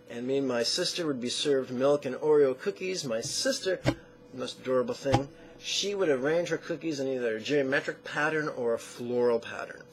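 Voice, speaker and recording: A man teaching an online lesson, guiding the listener through call-and-response chanting in a slow, deliberate coaching manner. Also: mid-range voice, slight background noise. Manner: chants syllables slowly and drawn out. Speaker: mantra teacher.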